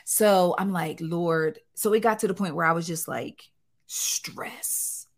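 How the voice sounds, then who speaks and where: Expressive woman telling her story candidly. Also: fairly low pitch, unhurried, husky. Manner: expressive, animated, with colloquial phrasing. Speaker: guest.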